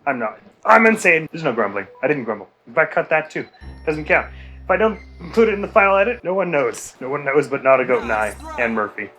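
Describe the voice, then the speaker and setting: Man, mid-pitch, grumbling let's-play host who mocks himself, faint game music behind. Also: sing-song, fast talker, fairly bright tone. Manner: rambling, self-mocking, exasperated grumbling. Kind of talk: casual gameplay commentary.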